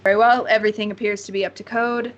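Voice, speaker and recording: A woman voicing a brisk gate guard. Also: medium pitch, flat delivery, muffled recording, close to an everyday voice. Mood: curt. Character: stern city gate guard.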